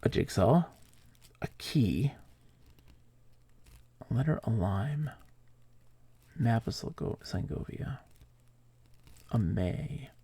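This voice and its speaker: A male streamer playing a text adventure live, reading the game text aloud and telling rambling, animated stories with lots of fillers. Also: medium pitch, slow pace, long pauses, slightly rough, no echo.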